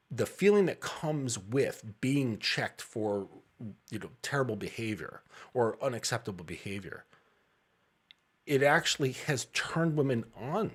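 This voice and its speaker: A man's voice: mid-range voice, big pitch swings, a little slow, slightly rough. A man in his thirties, a dating coach, talking bluntly and casually with frequent profanity and laughs.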